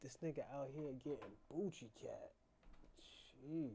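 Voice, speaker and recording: A man hosts his own channel in a casual, unscripted monologue, mocking and laughing as he swings between quiet mutters and loud outbursts. His voice is medium-pitched and his pace measured, with slight background noise.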